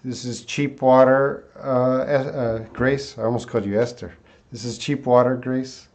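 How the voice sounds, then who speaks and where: A man's voice: mid-range voice, fairly even intonation, normal speed, a little mellow, slight background noise. A man teaching English pronunciation on a live stream from a desktop mic, talking casually with many hesitations. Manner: casual, hesitant, reads viewer comments aloud. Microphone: desktop USB mic.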